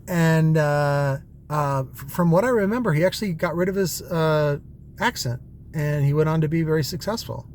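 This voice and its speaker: A man's voice: a little high, moderate pace, a little mellow, a little hiss or hum. Rambling man talking in a car. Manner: rambling, hesitant, many fillers and restarts. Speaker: vlogger. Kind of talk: casual rambling monologue. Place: in a car on a night drive.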